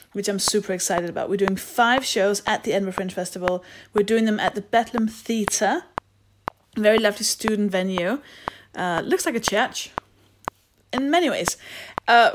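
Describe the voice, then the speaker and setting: A woman speaking in a mid-range voice hosts a podcast, running through announcements solo in a rambling, playful, self-deprecating way. Background noise can be heard.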